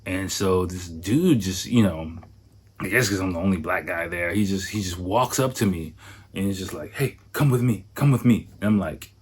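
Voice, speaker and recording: Low-voiced male host, loose and rambling storyteller, swears often, leans on fillers. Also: normal speed, slightly rough. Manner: rambling, profane, full of "like" and "you know". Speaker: podcast host. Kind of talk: casual storytelling monologue.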